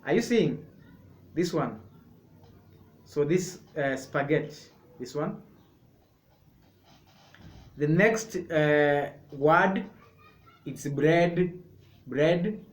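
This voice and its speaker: A man leads a sign language lesson in a slightly raised voice. He talks very slowly, repeating each word as he explains. The echoey room gives his voice a hollow ring. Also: fairly high pitch. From Kenya. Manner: slow, repetitive, explaining step by step.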